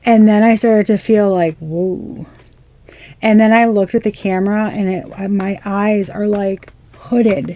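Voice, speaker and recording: A woman's voice: mid-range voice, little pitch movement, unhurried, few pauses, dark tone. A young woman giving a casual tarot reading, rambling and swearing in amazed disbelief. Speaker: tarot reader.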